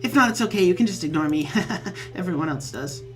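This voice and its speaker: A man's voice: high-pitched, expressive, brisk, soft background music. A man voicing a lonely, eager young male bee troll with a buzzy voice who apologizes and pities himself. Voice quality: buzzy accent. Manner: eager, apologetic, self-pitying.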